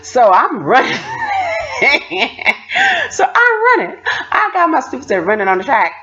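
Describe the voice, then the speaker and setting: A woman vlogger telling stories in a casual, animated way, laughing often and acting out what people said. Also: sits high, fairly quick, muffled recording. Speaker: vlogger recounting prison experience. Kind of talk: casual storytelling.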